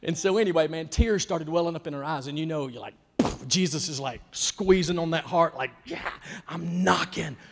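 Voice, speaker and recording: A man, a youth pastor preaching in a folksy, emphatic storytelling style that swings from hushed to loud. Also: fairly high pitch, fairly quick, hardly any pauses. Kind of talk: storytelling sermon. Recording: long hall reverb.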